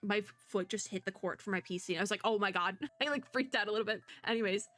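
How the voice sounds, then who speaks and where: Bright, chatty young woman gaming. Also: mid-range voice, fast talker, soft background music. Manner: chatty, thinks out loud, reads game text aloud. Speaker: VTuber gamer. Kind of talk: casual gameplay commentary.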